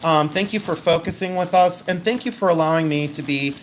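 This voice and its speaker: A woman hosting a live jewelry sale stream, chatting in a rambling way and thinking out loud as she shows each piece. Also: fairly low pitch, fairly quick, a little hiss or hum. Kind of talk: live sales stream chat.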